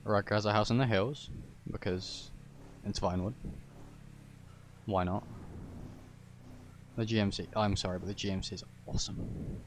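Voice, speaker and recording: A man's voice: fairly low pitch, fairly even intonation, moderate pace, pauses often, background noise. A man streaming a game live, chatting casually with friends, teasing and swearing offhandedly.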